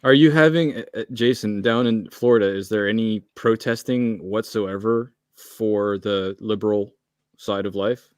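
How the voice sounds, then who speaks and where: A man's voice: lowish voice, unhurried, no room sound, clean studio sound. A man hosting a livestream, reading viewer messages aloud and adding wry, sarcastic comments. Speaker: livestream host reading chat.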